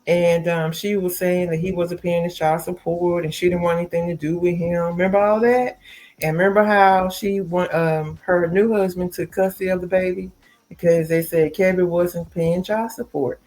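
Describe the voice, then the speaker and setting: A woman's voice: on the low side, fairly even intonation, normal speed, darkish tone. Chatty woman podcaster dishing celebrity gossip. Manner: chatty, addresses listeners as y'all and baby. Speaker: podcast host. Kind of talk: casual celebrity gossip commentary.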